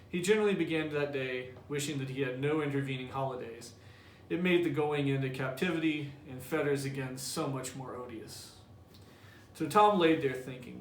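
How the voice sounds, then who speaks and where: Male teacher reading to class, slightly high voice, echoey room. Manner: explanatory, conversational. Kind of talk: reading a novel aloud to a class. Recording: echoey room, distant mic, faint hiss.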